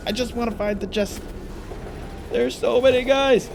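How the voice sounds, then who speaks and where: A man giving frantic live gameplay commentary, exclaiming and frustrated, later calmly narrating. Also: very high-pitched, a little slow, vocal fry, over music. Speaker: gaming YouTuber.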